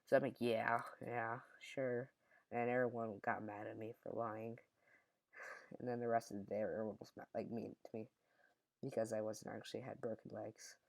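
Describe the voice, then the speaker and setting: A man's voice: on the low side, little pitch movement, fairly quick, vocal fry. A young man telling a childhood story in a casual, rambling way, often correcting himself mid-sentence. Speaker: storyteller vlogger.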